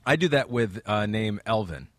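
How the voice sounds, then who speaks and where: A man's voice: fairly low pitch, lively intonation, normal speed, a bit bright, no echo. Easygoing Michigan man hosting a podcast. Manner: easygoing, teasing, steering the conversation. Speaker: podcast host. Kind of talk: casual sports chat.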